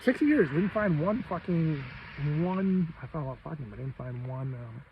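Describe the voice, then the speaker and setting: A man in his fifties from Maine, talking in a rambling, profane casual monologue with loud bursts of emphasis. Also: a little high, moderate pace, highs cut off, slight background noise. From Maine, USA. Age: 50s. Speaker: host.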